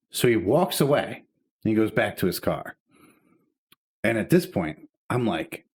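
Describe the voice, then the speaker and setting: Low-voiced man telling a story. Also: a little slow. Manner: animated, swearing, acts out dialogue. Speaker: podcast co-host. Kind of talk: casual storytelling.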